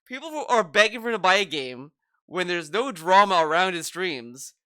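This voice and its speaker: Animated, mocking commentary host. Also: male voice, sits high, moderate pace, clear, resonant tone, no echo. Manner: mocking, profane, animated ranting. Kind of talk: reaction commentary.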